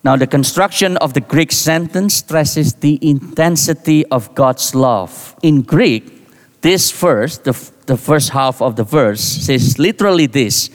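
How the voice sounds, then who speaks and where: Man, pastor, sermon, slightly high voice, slow deliberate delivery, emphatic on key words, long hall reverb.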